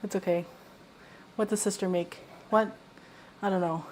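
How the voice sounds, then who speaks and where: A woman's voice: medium pitch, fairly even intonation, moderate pace, darkish tone, a little hiss or hum, low-quality recording. A woman streamer chatting casually to her audience, rambling, swearing freely and talking to herself. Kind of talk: casual live-stream chat.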